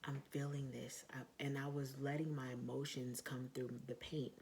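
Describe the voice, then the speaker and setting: Woman, vlogger, casual monologue, blunt and profane, gravelly, faint hiss in the background. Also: very deep voice, flat delivery, moderate pace. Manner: blunt and profane, lots of fillers; emphatic, rising to loud outbursts.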